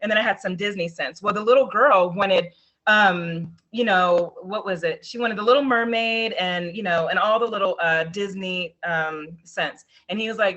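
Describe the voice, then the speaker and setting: A woman hosts a casual group video call. Her voice is bright and a little sharp. She tells stories with a lot of life. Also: mid-range voice, moderate pace, lo-fi sound. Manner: animated storyteller. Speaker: host.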